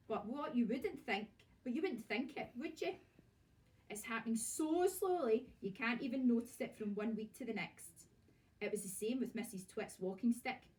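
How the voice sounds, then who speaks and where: Scottish woman, teacher, storybook read-aloud, expressive, fairly high voice, distant mic. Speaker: primary school teacher. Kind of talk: reading a storybook aloud to children. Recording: voice from far off.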